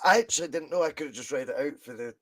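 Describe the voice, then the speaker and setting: A man with a slightly high voice, co-hosting a podcast and telling stories with lively energy. He swears freely and keeps the chat loose and casual. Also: rapid-fire. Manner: animated storyteller who swears freely. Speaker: podcast co-host.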